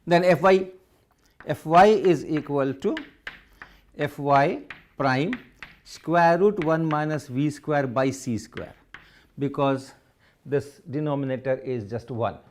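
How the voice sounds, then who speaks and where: A man's voice: a little high, takes it slowly, long pauses, slight background noise. A man giving a physics lecture, working through equations step by step and repeating phrases as he writes. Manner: repeats phrases while writing, methodical.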